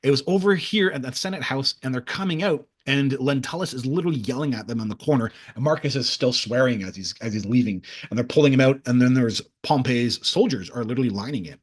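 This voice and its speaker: A man hosting his own video, telling a rambling story in a halting way with many restarts. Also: mid-range voice, breathy edge. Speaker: video host. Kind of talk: casual storytelling monologue.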